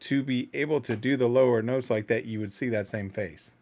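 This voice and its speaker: Male reaction host, mid-pitched voice, analytical, second-guesses himself out loud. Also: a little fast. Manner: thinking aloud, analytical and self-doubting. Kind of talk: casual reaction commentary.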